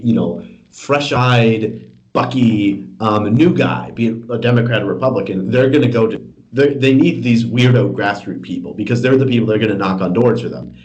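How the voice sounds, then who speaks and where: A man's voice: on the low side, highs cut off. Man chatting on a political podcast. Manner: animated, halting restarts, mocking asides. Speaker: podcast co-host. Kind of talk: casual political chat.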